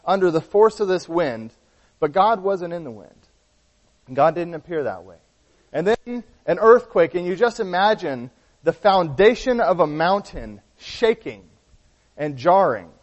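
A man with a fairly high voice preaches a sermon, explaining a Bible passage earnestly and often stopping to rephrase. His words ring out in a church hall with a long reverb. The recording is dull and lo-fi. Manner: earnest Bible teaching with frequent restarts.

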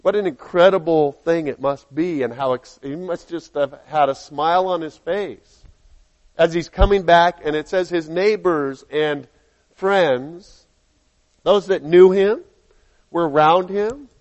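A man preaching a sermon, reading scripture aloud and acting out the people in it with lively changes of voice. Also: fairly high pitch, unhurried, lo-fi sound. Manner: animated, acts out dialogue in quotes.

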